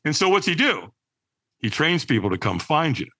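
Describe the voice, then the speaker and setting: A man with a fairly high, bright, forceful voice tells a personal story on a podcast. His pitch swoops up and down as he acts out other people's lines and often checks in with "right?". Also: big pitch swings, normal speed. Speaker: podcast guest.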